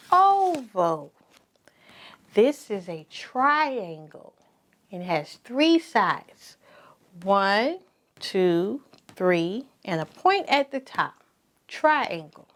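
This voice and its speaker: Preschool teacher, woman; unhurried, lively sing-song delivery, encouraging and repetitive. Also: fairly high pitch. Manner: repeats each word slowly for children to echo, encouraging.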